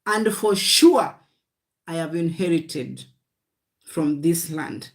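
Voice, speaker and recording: Slow, emphatic woman preaching on a livestream. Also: sits low. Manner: emphatic, repetitive exhortation, often calling listeners "guys"; speaks in short declarations of faith. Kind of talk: livestream sermon.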